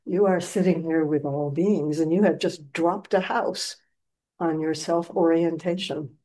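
A woman giving a dharma talk as a meditation teacher, telling a story in an animated, gentle and reflective way. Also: low-pitched, unhurried.

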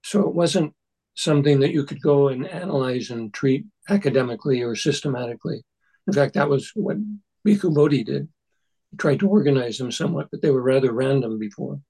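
An older man leading a text study group, speaking in a halting, thoughtful way with many restarts. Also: medium pitch, dark tone, slightly rough, poor audio. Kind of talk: discussion of a Buddhist text.

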